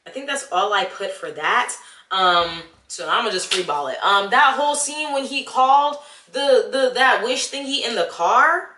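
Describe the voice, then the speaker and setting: A young woman vlogging a casual movie review, animated and exasperated as she talks straight to the viewer. Her voice is bright and a little sharp. It rings in an echoey room. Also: fairly high pitch, normal speed.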